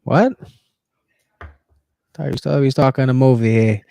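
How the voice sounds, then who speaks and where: A young man co-hosting a casual football livestream, loose and profane, joking and jumping around in pitch. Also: moderate pace, gravelly, mellow, clear, resonant tone, dry recording, studio quality. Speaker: co-host of a fantasy football stream.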